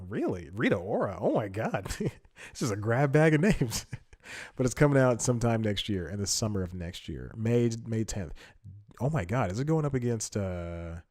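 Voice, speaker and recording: A man's voice: lowish voice, a little mellow. A man hosting a solo podcast in casual commentary, chatty, thinking aloud and laughing often. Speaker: podcast host.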